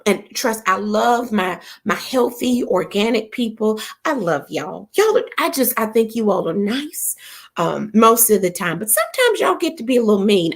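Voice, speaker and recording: A middle-aged woman from the American South hosts a relaxed live-stream chat with a fairly high voice. Her pitch leaps and dips playfully, and she breaks into laughter often while chatting with viewers. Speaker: host of a live chat show.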